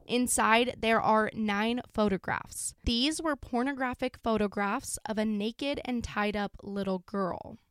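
A woman's voice: a little high, measured pace, few pauses, fairly bright tone, clean tone, dry recording, studio quality. A woman hosting a podcast, recounting a true crime case in a casual, sombre way with many fillers like "like" and "you know". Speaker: podcast host.

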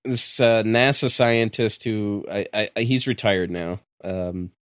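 A man's voice: on the low side, fairly even intonation, slow, clear, resonant tone, dry recording, studio quality. A man hosting a podcast who argues his view hesitantly and often restarts his sentences. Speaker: podcast host. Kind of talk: casual podcast chat.

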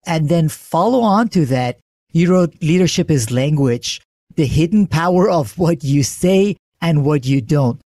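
A man's voice: on the high side, lively intonation, measured pace, a little mellow, no echo, studio quality. A man hosting an interview podcast, welcoming and praising his guest with enthusiasm. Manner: enthusiastic, complimentary. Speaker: podcast host.

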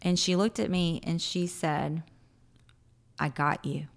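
A woman in her thirties, a podcast guest, telling a personal story with animated voices for her past self and frequent laughter. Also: low-pitched, slow, vocal fry. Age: 30s. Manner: animated, acts out her own past words, laughs often. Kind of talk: emotional personal storytelling in an interview.

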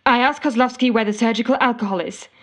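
Actress as a desperate, wry woman narrating in a comedic audio drama; exasperated, slightly high pitch. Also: fast, fairly bright tone, lightly acted. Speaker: narrating character.

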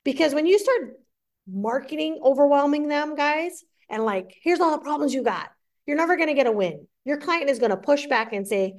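A woman with a fairly high voice recounts a business story with real drive. She slips into the voices of the people in it as she tells it, keeping an interview-guest tone. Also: normal speed. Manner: energetic, acts out client dialogue. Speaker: guest entrepreneur.

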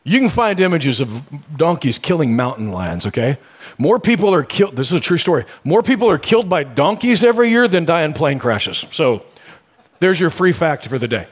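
Husky-voiced pastor preaching conversationally. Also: male voice, fairly high pitch, a little fast. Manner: conversational storytelling with sudden animated bursts. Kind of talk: sermon.

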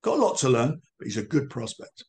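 An older man talks in a mid-pitched voice, blunt and emphatic as he answers interview questions. He often repeats himself to press a point and turns combative when challenged. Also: sing-song, fast talker, darkish tone. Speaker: boxing promoter.

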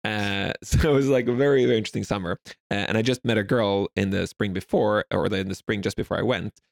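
A man's voice: fairly low pitch, fairly even intonation, quick pace, vocal fry, dry recording, studio quality. A young Swedish man telling stories in a casual interview, rambling with lots of fillers. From Sweden. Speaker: guest.

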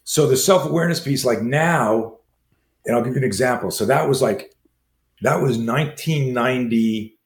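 A man in his sixties, a self-defense trainer, telling stories as a guest and acting out quoted dialogue in a lively way. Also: on the low side, slight background noise. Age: 60s. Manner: acts out quoted dialogue, fast lively delivery. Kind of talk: animated storytelling in conversation. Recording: roomy echo with faint ambience.

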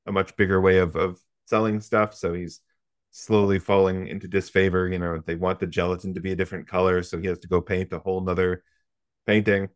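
A man's voice: sits low, level tone, brisk, dry recording. Wry man recapping a film, dry sound. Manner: profane, wry storytelling with asides. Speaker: podcast host recapping a film. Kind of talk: casual comedic film recap.

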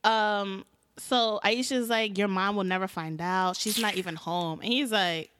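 A woman's voice: medium pitch, a little slow, a bit bright, clear, resonant tone. A woman co-hosting a casual podcast, recapping a TV episode and acting out the characters' lines. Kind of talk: casual chat.

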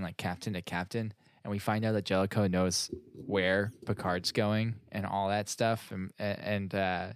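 A man's voice: lowish voice, no echo, clean studio sound. A man co-hosting a casual podcast, recapping an episode in a rambling, laid-back way with some swearing. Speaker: podcast co-host. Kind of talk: casual chat.

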